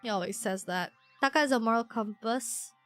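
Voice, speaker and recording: Excitable high-voiced woman streamer. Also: fairly quick, faint music behind. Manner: excitable, squealing and laughing often. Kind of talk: live game playthrough commentary.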